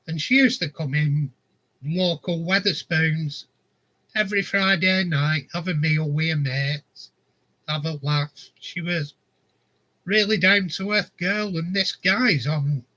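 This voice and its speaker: Man, rambling storyteller, high voice, slow, chuckles. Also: pushed and bright, highs cut off. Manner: rambling anecdotes, chuckling often. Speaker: vlogger. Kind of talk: casual storytelling.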